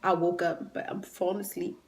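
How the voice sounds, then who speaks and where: A woman's voice: lowish voice, little pitch movement, fairly quick, a little mellow. A woman retelling a personal story in a raw, emotional, conversational way, grieving and near tears. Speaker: vlogger.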